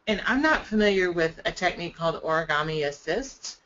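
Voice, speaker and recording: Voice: medium pitch, animated, fairly quick, bright, forceful tone, a little hiss or hum. A webinar moderator reading out audience questions in a conversational, slightly hesitant way. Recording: muffled webinar audio.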